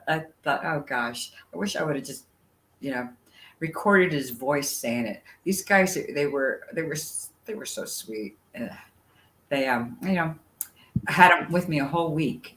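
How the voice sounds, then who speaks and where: A woman's voice: rumbling low, unhurried. Chatty woman storyteller, roomy sound. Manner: chatty, animated storyteller, many fillers. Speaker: guest. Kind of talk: casual storytelling chat. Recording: roomy sound with faint ambience.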